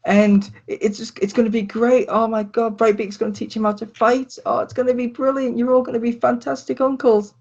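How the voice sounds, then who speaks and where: A bubbly young woman, newly pregnant, gushes and squeals in a voice pushed far up high, as a man puts her on. The recording is dull and lo-fi. She talks in a breathless rush of delight. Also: level tone, a little fast, gravelly, hardly any pauses, heavily acted. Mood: overjoyed, gushing. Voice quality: squealing, gushing. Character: bubbly young woman, excited expectant mother.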